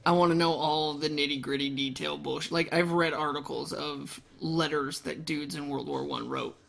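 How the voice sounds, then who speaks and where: Gravelly young man, higher voice. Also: fairly even intonation, moderate pace, a bit bright. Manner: curious, chatty, swears freely. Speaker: podcast co-host. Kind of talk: casual chat.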